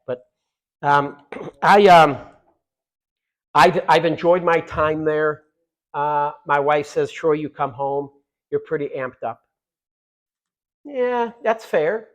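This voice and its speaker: Fiery middle-aged man, somewhat high-pitched voice, rally speech, loud punchy repetition with quiet asides. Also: rough recording. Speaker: congressman giving a speech.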